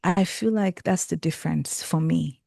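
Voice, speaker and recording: A young woman with a Nigerian accent speaks as an interview guest, earnest and reflective, with a low, gravelly voice. Her tone is dark and mellow, and the recording is dry with no room sound. She circles back and restarts phrases as she thinks aloud. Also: normal speed, no echo. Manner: earnest, reflective, animated with frequent self-corrections. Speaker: guest, creative and tarot reader. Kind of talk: casual conversational interview.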